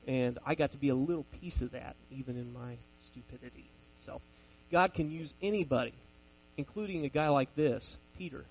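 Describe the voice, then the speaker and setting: A man's voice: medium pitch, normal speed, a little mellow, muffled recording. A man in his forties preaching a sermon, telling personal stories in a conversational, self-deprecating way.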